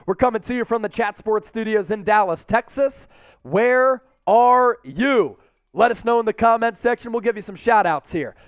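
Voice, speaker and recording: Man, watch party host, smooth resonant voice, dry studio sound, upbeat. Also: high-pitched, brisk, hardly any pauses, no room sound. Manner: upbeat, reads out chat shout-outs. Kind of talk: live-stream pregame watch party. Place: sports studio.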